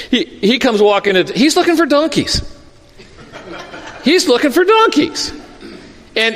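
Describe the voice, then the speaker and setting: A man with a high, light voice preaches a sermon, acting out quotes and asides as he retells a Bible story. His voice rings out in a big hall with a long reverb tail. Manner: expressive storytelling with acted-out quotes. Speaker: pastor.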